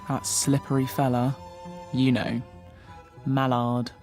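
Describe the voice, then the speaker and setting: An actress playing the sly, scornful ghost of a maid, with a Cockney accent, in an audio drama. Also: female voice, extremely low pitch, little pitch movement, slow, darkish tone, faint music behind. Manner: cheeky, scornful, chatty.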